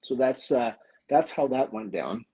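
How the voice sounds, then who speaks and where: A man guest on a golf talk stream, telling a story in an excited, rambling way full of fillers. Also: mid-range voice, measured pace, breathy edge, rough recording. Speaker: guest golfer. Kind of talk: casual chat, storytelling. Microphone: remote stream mic.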